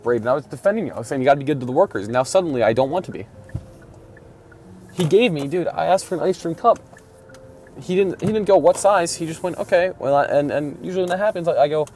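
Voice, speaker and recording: Behind the wheel, a young vlogger whose voice is a little high and darkish mumbles profane, exasperated gripes in a casual ramble, with faint road noise and vehicle sounds in the background.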